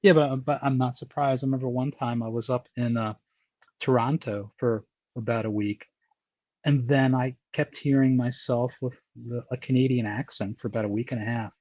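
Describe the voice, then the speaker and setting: A medium-pitched, somewhat mellow man with fairly even intonation talks at a moderate pace; the audio is dull and echo-free. He's a podcast host from Baltimore, USA, with an American accent touched by New York, casually rambling through an interview, often repeating words and restarting.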